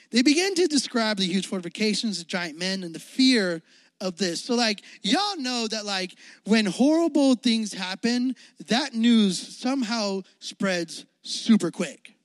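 A man's voice: high voice, dry recording. A young man giving a youth sermon in a playful, slangy, joking way, acting out the Bible story. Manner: playful, jokey, slangy, acts out quotes. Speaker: youth pastor.

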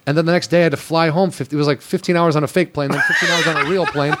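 Casual, animated male storyteller. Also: fairly high pitch, very fast, very noisy. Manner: animated storyteller, swearing, acting out quotes. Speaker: commercial actor. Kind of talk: casual podcast chat, storytelling.

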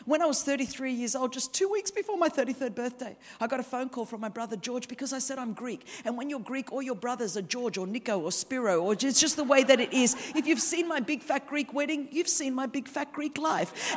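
An Australian woman in her fifties preaching a sermon, telling her own story with lively humorous asides. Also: high voice, brisk, few pauses. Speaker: guest preacher. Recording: reverberant hall.

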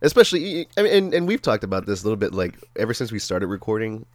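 A young man talking casually on a podcast while sick with the flu, his voice sitting on the low side. He swears freely and laughs a lot. The sound is dry and close, with no room around it. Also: big pitch swings, quick pace, dry recording. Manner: laid-back, swears a lot, laughs often. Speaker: podcast co-host. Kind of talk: casual chat.

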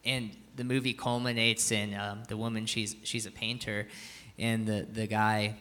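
A man's voice: fairly low pitch, flat delivery, normal speed, a bit bright. A man telling a film story in a sermon, earnest and moved, rambling with fillers and restarts. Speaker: speaker sharing a film story.

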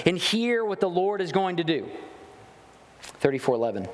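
A man preaching a sermon, reading scripture slowly and then explaining it with emphatic repetition. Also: high-pitched, big pitch swings. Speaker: pastor. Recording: long reverb of a large hall.

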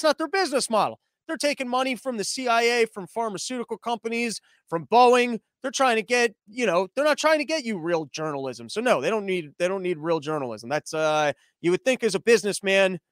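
A man's voice: sits high, fairly bright tone, clean tone, dry recording, studio quality. A young man hosting a casual news commentary show, rambling with profane, sarcastic asides.

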